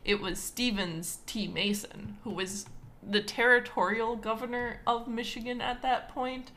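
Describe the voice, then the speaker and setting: A woman from Wisconsin hosts a casual history podcast, talking in a loose, chatty way full of fillers. Her voice is bright and edged, and she sounds playfully indignant throughout. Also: on the high side, fairly even intonation, measured pace, slight background noise. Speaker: podcast host.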